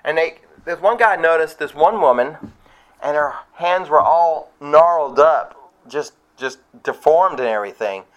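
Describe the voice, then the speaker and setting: Male pastor, slightly high voice, conversational sermon, acts out quotes with sharp pitch jumps. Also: lively intonation, a little slow. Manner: conversational preaching with asides to the congregation.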